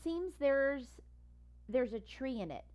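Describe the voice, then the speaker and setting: A woman voicing a huge, gentle male gorilla who speaks slowly and deliberately. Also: sits high, expressive, pitched above the performer's own voice. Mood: calm. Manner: slow, deliberate.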